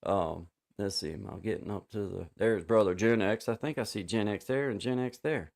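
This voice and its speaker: Guy hosting a stream on a video call, lowish voice, rambly, lots of restarts, giving shout-outs. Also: moderate pace, gravelly. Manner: rambling, with many restarts and "you know" fillers; warm shout-outs to viewers. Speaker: livestream host. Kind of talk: casual chat.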